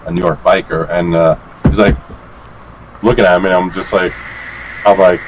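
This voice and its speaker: A man with a fairly low voice tells a rambling story in a relaxed, chatty way. He jumps into other people's lines, swears freely and laughs along as he goes. A faint hiss sits under the recording. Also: moderate pace. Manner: animated, acts out quotes with swearing and laughs. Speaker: guest, vape reviewer. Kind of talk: casual storytelling chat.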